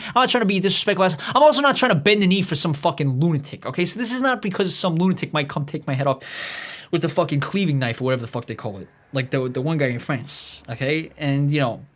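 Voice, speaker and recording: A man's voice: a little high, lively intonation, fast talker, fairly bright tone. A man hosting a livestream, rambling through a profane monologue full of restarts and asides. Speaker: livestream host.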